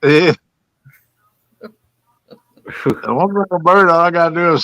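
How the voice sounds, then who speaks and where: A man's voice: fairly high pitch, slow, fairly bright tone, no echo, highs cut off. A man chatting casually as co-host, joking, laughing and slipping into silly voices. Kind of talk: casual live chat.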